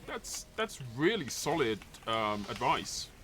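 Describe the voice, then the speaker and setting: A man hosts a casual chat, stumbling through long questions with plenty of ums and restarts. His voice is bright and forward. Faint noise and keyboard typing sit in the background. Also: medium pitch, sing-song, slow. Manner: hesitant, many fillers and repeated words. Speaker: podcast host. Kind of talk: casual interview chat while gaming.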